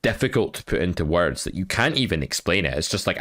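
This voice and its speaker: Very low-voiced podcast co-host from the west of Scotland, reflective, casual. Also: male voice, sing-song, fast, fairly bright tone, dry recording, clean studio sound. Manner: reflective, explains with examples. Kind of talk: casual chat.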